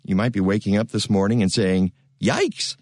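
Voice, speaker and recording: A man's voice: fairly low pitch, flat delivery, fast talker, a little mellow, dry recording. A man hosting a radio gardening show, chatting in a folksy, jokey way and reading sponsor spots into a studio microphone.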